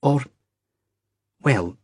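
A man voicing an anxious, earnest young Scottish man who talks in a halting, hesitant way, with a Scottish accent. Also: no echo, studio quality. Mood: embarrassed, halting. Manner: hesitant, halting, drawn-out reasoning.

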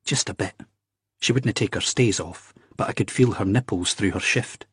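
A man voicing an anxious, earnest young Scottish man who talks in a halting, hesitant way, with a Scottish accent. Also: fairly low pitch, husky, dry recording, clean studio sound. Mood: embarrassed, halting. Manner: hesitant, halting, drawn-out reasoning.

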